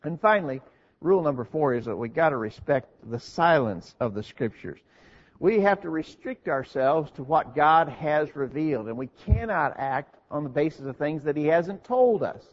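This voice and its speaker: A man preaches a sermon in an earnest, teaching manner, posing questions and answering them himself. His voice is husky and a little high for a man. The recording sounds dull and lo-fi. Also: lively intonation, normal speed.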